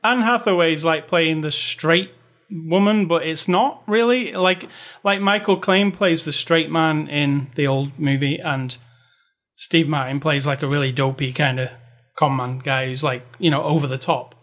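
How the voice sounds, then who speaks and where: A man's voice: a little high, steady tone, a little slow, fairly bright tone. A man co-hosting a casual movie review, rambling and filling his talk with "like" and "you know". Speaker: podcast co-host.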